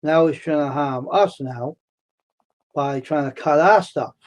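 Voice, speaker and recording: A man hosting a casual live stream from the United States, answering his chat by name, repeating himself, worked up at times and then calming his viewers down. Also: fairly high pitch, measured pace, faint music behind. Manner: talks back to chat, repeats himself, heated then soothing.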